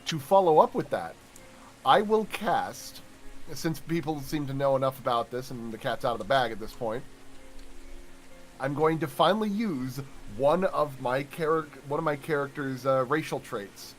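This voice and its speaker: A man playing a tabletop game, describing his moves and reading out spell rules in a halting way. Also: mid-range voice, lively intonation, soft background music. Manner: halting, many fillers. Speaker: tabletop player.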